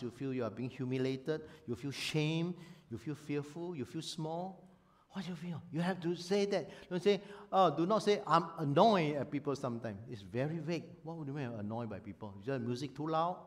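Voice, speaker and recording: A man preaching a sermon as a pastor, animated and emphatic, often acting out voices. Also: fairly high pitch, moderate pace.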